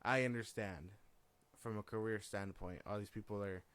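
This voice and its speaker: A man's voice: fairly low pitch, moderate pace, smooth. A young man co-hosting a film podcast, chatting casually and laughing often as he mocks the news. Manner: animated, laughs often, mocking impressions. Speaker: podcast co-host.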